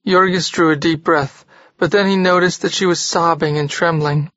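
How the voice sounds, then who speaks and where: A man gives steady, measured narration of a classic novel. His voice sits a bit high for a man. The recording is dry and somewhat dull. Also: dry recording. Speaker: audiobook narrator.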